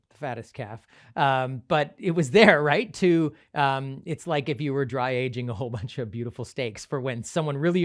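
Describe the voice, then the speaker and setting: A man pastor telling a story in a sermon, animated, with frequent light laughs. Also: mid-range voice. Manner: animated, laughs often, acts out quotes.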